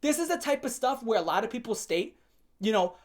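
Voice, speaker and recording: A woman hosting an opinion rant to camera, blunt and profane with a sarcastic edge, pushing her points with sharp jumps in pitch and loudness. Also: big pitch swings, fairly quick. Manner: emphatic, swings up and down in pitch and loudness. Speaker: commentary channel host.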